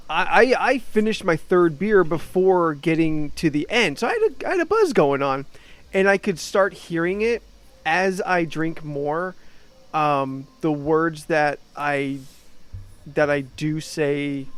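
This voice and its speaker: A young man with a New Jersey accent chatting casually as a podcast co-host, rambling and halting with fillers. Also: fairly high pitch. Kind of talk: casual chat.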